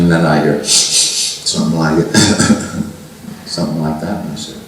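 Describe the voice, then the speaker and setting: An older man telling a personal story to a seminar group, halting and restarting often. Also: very deep voice, fairly even intonation, fairly bright tone, a little hiss or hum. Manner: halting, with frequent restarts and fillers. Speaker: seminar speaker. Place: meeting room at a spiritual center. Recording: roomy archival recording from far off.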